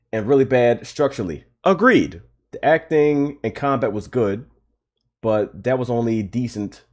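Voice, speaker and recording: A man's voice: medium pitch, darkish tone. A man hosting a livestream, ranting about a video game in a heated, repetitive way and swearing often. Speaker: livestream host. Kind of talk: casual livestream rant.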